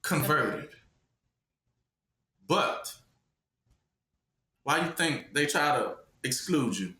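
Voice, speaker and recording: High, bright-voiced preacher in an echoey room. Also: male voice, expressive, very slow. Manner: call-and-response questioning, emphatic. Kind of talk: sermon.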